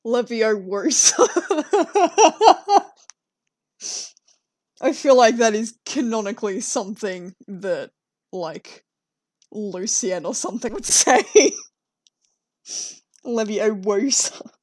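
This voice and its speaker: A woman's voice: mid-range voice, darkish tone, no room sound. A young woman chatting casually as she draws on stream, rambling and giggling and talking to her cats. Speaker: streamer drawing fan art. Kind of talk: casual chat while drawing.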